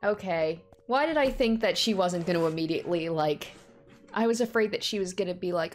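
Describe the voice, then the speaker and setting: A woman giving chatty, excitable commentary while playing through a story game, speaking casually with lots of "like"s. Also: lowish voice, brisk, faint music behind. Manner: chatty and excitable, full of likes. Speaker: let's play host.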